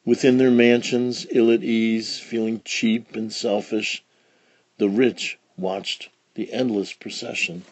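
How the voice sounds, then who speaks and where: Slow, expressive man reading a storybook. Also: on the low side, dry recording. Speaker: storybook reader. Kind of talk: children's read-along narration.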